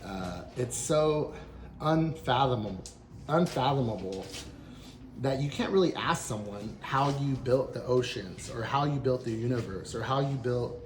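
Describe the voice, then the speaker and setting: A man's voice: fairly low pitch, background noise. A man hosting a mindfulness session, telling stories in a loose, rambling way with lots of "you know" and "like.". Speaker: meditation session host. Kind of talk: casual storytelling and reflection. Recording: roomy echo, faint background ambience.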